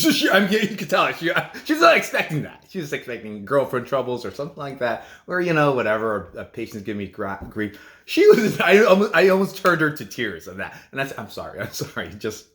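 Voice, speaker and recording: Low-voiced man rambling in a casual vlog. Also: a bit bright. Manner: rambling, halting with many restarts. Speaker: nurse. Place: home kitchen.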